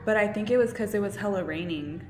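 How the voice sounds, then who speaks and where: A woman's voice: mid-range voice, fast talker. A young woman co-hosting a podcast, telling travel stories in casual, slangy, profane chat. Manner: profane, slangy, animated storytelling. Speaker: podcast co-host.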